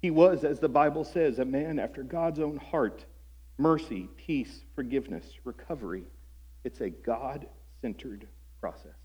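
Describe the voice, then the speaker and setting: A man's voice: medium pitch, a little slow, warm tone, husky. A man preaching a sermon as pastor, earnest and conversational, asking his listeners questions. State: voice breaking with emotion at times.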